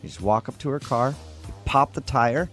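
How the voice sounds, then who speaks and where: A man's voice: medium pitch, expressive, moderate pace, a bit bright, soft background music. A man hosting a morning radio show, joking and teasing his caller. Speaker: radio host.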